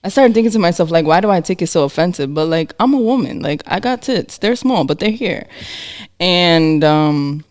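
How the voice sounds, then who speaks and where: A woman's voice: on the low side, moderate pace. Candid laughing woman podcast co-host. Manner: candid, animated, laughs often. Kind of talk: casual chat.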